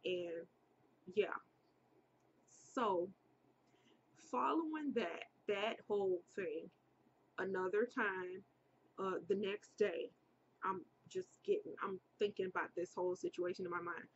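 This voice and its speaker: A young woman telling a personal story in a casual, animated way, jumping up high when she quotes people. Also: slow, pauses often, slightly rough, highs cut off. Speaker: vlogger.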